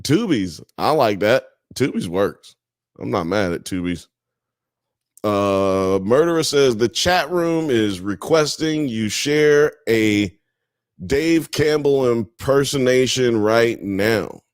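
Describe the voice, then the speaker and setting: A man's voice: medium pitch, expressive, slow, clear, resonant tone, no echo, clean studio sound. A man from the US South and Midwest hosting a live show, casually reading chat comments aloud and riffing on them. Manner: laid-back, reads chat comments aloud and riffs on them.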